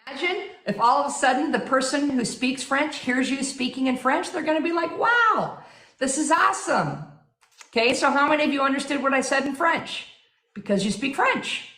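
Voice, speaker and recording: A woman with a fairly high voice runs a motivational sales seminar, driving her points home with rhetorical questions. Her delivery is energetic and persuasive. The sound rings with a noticeable echo. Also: brisk. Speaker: sales trainer.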